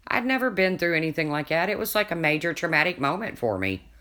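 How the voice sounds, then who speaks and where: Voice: medium pitch, very animated, a little fast, pushed and bright. A livestreamer in casual chat, telling a rambling story and answering viewers' comments, often restarting sentences and laughing along.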